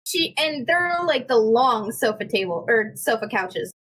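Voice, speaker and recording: A young woman casually telling a work story, animated and laughing as she acts out what people said. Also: fairly high pitch, measured pace. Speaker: podcast co-host.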